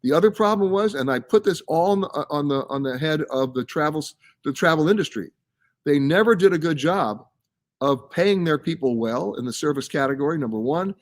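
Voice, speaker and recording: Man, travel show host, chatty and emphatic, somewhat high voice, casual live chat. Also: fairly quick, hardly any pauses. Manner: chatty and emphatic, reads out viewer comments and answers them. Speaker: travel show host answering viewer questions. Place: live from a science center.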